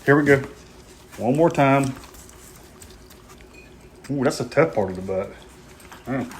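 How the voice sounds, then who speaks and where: A man's voice: mid-range voice, animated, slow, a little hiss or hum. Folksy man in his fifties. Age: 50s. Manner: folksy, joking, hearty. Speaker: host of a barbecue cooking video. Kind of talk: casual cooking vlog. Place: outdoors at a grill.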